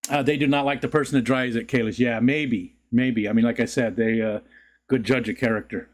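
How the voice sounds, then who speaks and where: A man in a home room talks loosely to a live chat audience, rambling from one thought to the next and breaking into easy laughter. His voice sits at an ordinary middle pitch, caught on a desk mic. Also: fairly even intonation, brisk. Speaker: livestream host. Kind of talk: casual chat to live viewers.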